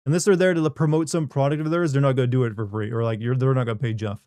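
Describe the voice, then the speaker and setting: Wry, mellow-voiced streamer. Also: male voice, mid-range voice, steady tone, very fast, no room sound. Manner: wry, rambling, reads chat aloud. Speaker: livestream host. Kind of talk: casual post-stream chat.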